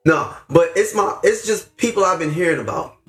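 A man's voice: a little high, lively intonation, moderate pace, a bit bright, reverberant. A man hosting a faith podcast, talking with fervent, slangy preachiness, upset and near tears. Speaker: podcast host. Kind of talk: impassioned faith talk.

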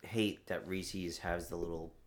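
A man's voice: low voice, steady tone, unhurried. A young man in a casual podcast chat, dropping short, wry remarks.

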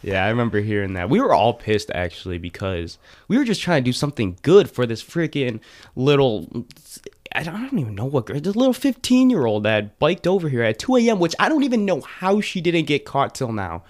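A man's voice: mid-range voice, a little fast. A man in his late teens, chatting casually and retelling a story with lots of fillers and restarts. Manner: rambling, animated retelling with many fillers. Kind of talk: casual chat.

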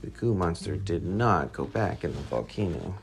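Man, deep voice, creaky, children's storybook read-aloud, guitar music underneath. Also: lively intonation, moderate pace. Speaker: storybook reader. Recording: clear music playing underneath.

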